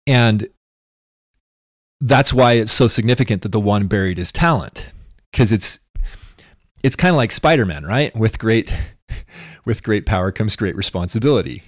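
A man with a low voice works through religious ideas on a podcast, thinking aloud and looping back to check that he is followed. The sound is dry and close, with no room around him. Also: expressive, normal speed, no echo. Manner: musing, thinks aloud with restarts and tag questions. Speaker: podcast co-host. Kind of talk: casual religious discussion.

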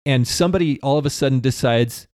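A man's voice: mid-range voice, quick pace, darkish tone, no room sound, studio quality. A man co-hosting a podcast in casual conversation, rambling with many restarts. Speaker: podcast co-host.

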